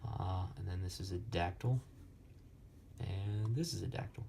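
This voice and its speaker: A young man slowly explaining Latin poetic meter in a lesson, with many pauses and fillers. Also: low voice, creaky, dark tone, a little hiss or hum. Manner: slow, halting, many fillers. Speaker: Latin tutor.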